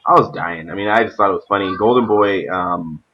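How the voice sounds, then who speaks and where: A man's voice: low-pitched, brisk, highs cut off, slight background noise. A man hosting a casual gaming stream, rambling and often laughing. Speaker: stream host.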